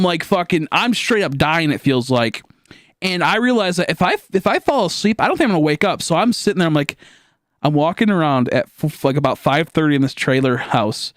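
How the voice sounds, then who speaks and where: A young man streaming live, telling a long story in a rambling, animated way with lots of fillers and swearing, acting out his own shouts. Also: a little high, no room sound, clean studio sound. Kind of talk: casual storytelling to a live chat.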